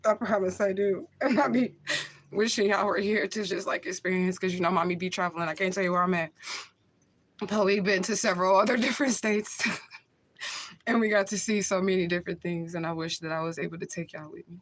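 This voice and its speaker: A woman's voice: lowish voice, fairly even intonation, a little fast. A woman talking casually into the camera on a livestream, emotional and blunt, swearing freely and laughing often.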